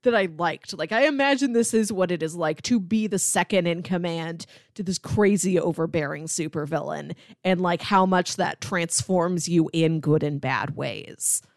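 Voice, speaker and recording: A woman co-hosting a podcast in casual chat, thoughtful, slowing down to list her points. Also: fairly low pitch, dry recording, studio quality. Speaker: podcast co-host.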